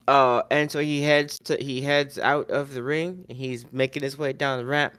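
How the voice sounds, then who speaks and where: A man's voice: mid-range voice, flat delivery, moderate pace, hardly any pauses, fairly bright tone, smooth, dry recording, clean studio sound. A man co-hosting a podcast, recapping a wrestling show loosely, with fillers and self-corrections. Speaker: podcast co-host.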